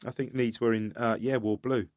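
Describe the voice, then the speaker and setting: A man's voice: mid-range voice, level tone, moderate pace, darkish tone, no echo, clean studio sound. A man, co-hosting a casual football podcast, reminiscing and chiming in with agreement. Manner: reminiscing, lots of agreeing fillers. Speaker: podcast co-host.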